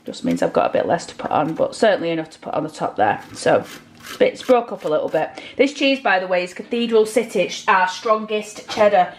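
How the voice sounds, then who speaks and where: A woman's voice: mid-range voice, sing-song, brisk, a little hiss or hum, low-quality recording. A chatty woman talks her viewers through a meal in her home kitchen, keeping it loose and conversational. There are faint clicks and kitchen noises behind her. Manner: chatty, addresses viewers directly. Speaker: vlogger. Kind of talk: casual cooking vlog.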